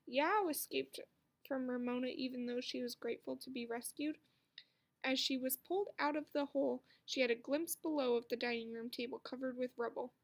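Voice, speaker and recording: A woman reading a children's book aloud with expressive storytelling. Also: high voice, brisk, vocal fry. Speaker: narrator.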